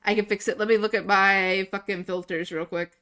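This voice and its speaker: Bright, chatty young woman streamer. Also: medium pitch, steady tone, fairly quick. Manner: chatty, giggly, self-amused. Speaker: livestreamer. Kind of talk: casual stream chat.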